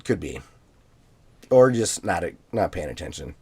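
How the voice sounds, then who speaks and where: A man co-hosting a podcast in a relaxed way, reading out listener emails with plenty of fillers and easy laughs. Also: low-pitched, a little slow, breathy edge. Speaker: podcast co-host.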